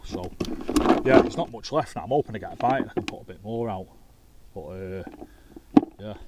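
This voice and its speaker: Fishing by a lake, a carp angler and vlogger chats casually to camera, swearing his way through anecdotes. His voice sits on the low side, and there's heavy background noise.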